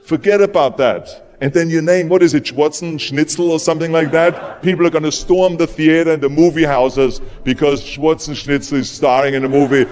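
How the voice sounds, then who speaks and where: A man's voice: on the high side, steady tone, normal speed, darkish tone, lightly acted. A man with a German accent mimicking a sarcastic, dismissive male showbiz agent. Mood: scoffing. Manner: scoffing, sarcastic. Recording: long hall reverb with music behind.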